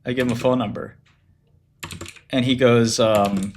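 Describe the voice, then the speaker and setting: A man talking in a mid-range voice, loose and blunt in a casual livestream chat, swearing freely and laughing between his points. Faint keyboard typing and low noise sit in the background. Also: fairly even intonation, a little slow, long pauses. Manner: blunt and profane, laughs often, acts out quoted people. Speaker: streamer talking about business.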